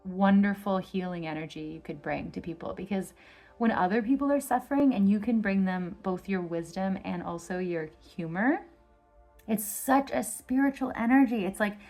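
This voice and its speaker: A woman's voice: medium pitch, moderate pace, warm tone, soft background music. A woman giving a casual pick-a-card tarot reading, rambling with constant fillers and gushing with enthusiasm. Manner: effusive and enthusiastic. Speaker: tarot reader.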